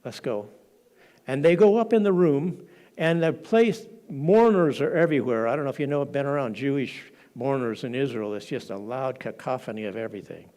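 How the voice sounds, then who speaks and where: A man's voice: medium pitch, a little fast, dark tone. A man preaching a sermon in a church, dramatic and acting out the quoted lines as he tells the story.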